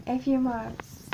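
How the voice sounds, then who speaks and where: Halting, frightened woman telling a story. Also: high-pitched, vocal fry, warm tone, a little hiss or hum, poor audio. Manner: halting, frightened, often dropping to a whisper. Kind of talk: first-person horror story narration.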